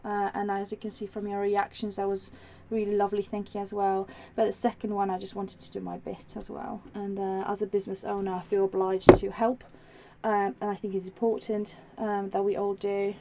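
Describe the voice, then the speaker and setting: Over background noise, a woman with a medium-pitched, level voice talks a little fast with hardly any pauses. Hosting a live craft demo, she chats in a rambling way full of ums and restarts, reading viewer comments aloud as she works.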